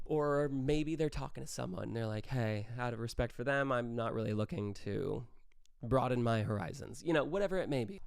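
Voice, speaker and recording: A young man hosting a casual solo podcast, talking animatedly and acting out quick quoted exchanges. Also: medium pitch, creaky, a little mellow, smooth, dry recording, clean studio sound. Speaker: podcast host.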